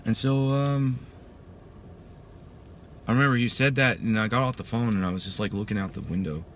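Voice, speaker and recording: A man's voice: lowish voice, normal speed, a bit bright, a little hiss or hum. A man in his thirties, a military veteran, telling his story in a casual, emphatic way and saying "dude" often. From Texas. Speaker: veteran giving a testimony. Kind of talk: personal storytelling.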